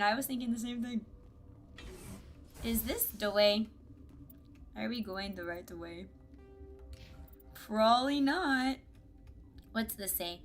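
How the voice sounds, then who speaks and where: A woman's voice: a little high, pushed and bright. Bubbly woman streaming a game. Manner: bubbly, giggly, chatty with viewers. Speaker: live-streamer. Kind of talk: casual gaming live-stream chat.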